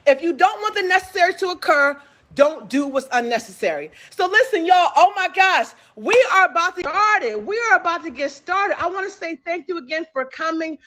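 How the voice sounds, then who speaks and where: A woman with a high, bright voice hosts a livestream gossip show. She is bubbly and excitable, piles up repeated hype phrases for her listeners and chats casually into a phone mic. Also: a little fast. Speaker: livestream talk show host. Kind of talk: energetic celebrity gossip chat.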